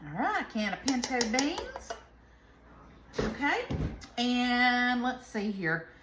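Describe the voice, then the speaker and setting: A woman's voice: on the high side, very animated, takes it slowly, reverberant, noisy background. A woman with a Southern American accent, chatting casually to viewers while she cooks in her home kitchen, rambling into folksy asides. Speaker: home cooking host. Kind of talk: casual cooking vlog.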